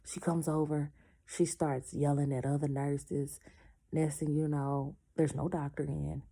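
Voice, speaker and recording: A woman's voice: deep voice, little pitch movement, measured pace, creaky, mellow. A woman telling a personal story casually, acting out the people she quotes and stopping now and then to say she is in pain.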